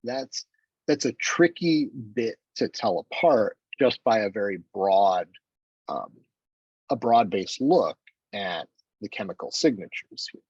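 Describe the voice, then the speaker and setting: A man giving a chemistry seminar, explaining his research in a relaxed, conversational way with self-deprecating asides. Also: fairly low pitch, slow, slightly rough, no echo, highs cut off. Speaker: chemistry lecturer. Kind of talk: academic seminar talk.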